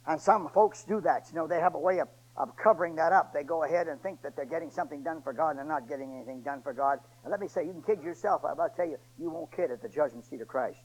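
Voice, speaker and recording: A man preaching a sermon in a folksy, colloquial storytelling way that swings between booming emphasis and hushed asides. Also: fast talker, few pauses, rough recording.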